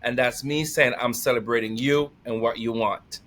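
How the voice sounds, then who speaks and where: A middle-aged man talking casually as a podcast guest, energetic and emotional, laughing often and near tears. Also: mid-range voice, moderate pace. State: tearful. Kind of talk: casual conversation.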